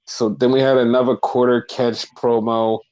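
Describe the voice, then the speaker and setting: A man's voice: medium pitch, level tone, moderate pace, darkish tone, poor audio. A man co-hosting a wrestling podcast, telling the week's events in loose casual chat, full of fillers and swearing. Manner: loose, profane storytelling with lots of fillers.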